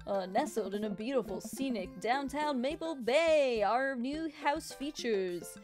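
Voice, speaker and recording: A woman putting on a cheesy real-estate announcer voice, drawn out and showy, with music behind her. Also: lively intonation. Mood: hammy. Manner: slow, showy sales pitch.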